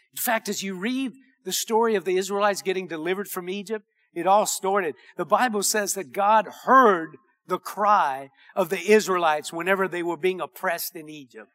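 Impassioned high-voiced male preacher. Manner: impassioned preaching, often shouting, reads scripture aloud. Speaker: pastor. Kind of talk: sermon.

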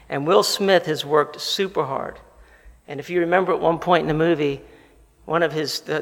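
A man preaching a sermon as pastor, animated, slowing down for emphasis and putting questions to the listeners. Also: sits high, creaky. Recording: long reverb of a large hall.

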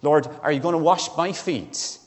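An impulsive male disciple, loud and emphatic, raising his voice higher than the speaker's usual tone, as a preacher puts him on. Every protest rings out through the lingering reverb of a church hall. He comes across headstrong and wholehearted. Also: moderate pace, close to an everyday voice. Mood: outraged.

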